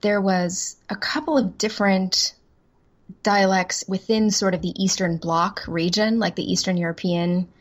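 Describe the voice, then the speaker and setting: A woman's voice: mid-range voice, fairly even intonation, unhurried. A woman voice-over actress chatting as an interview guest, rambling and self-deprecating, laughing easily. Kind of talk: casual interview chat.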